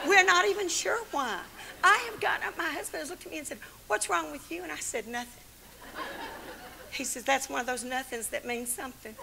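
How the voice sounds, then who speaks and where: An older woman teaching the Bible to a women's church gathering in an animated, folksy sermon full of stories and laughs. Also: high-pitched, vocal fry, background noise. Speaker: Bible study teacher and speaker.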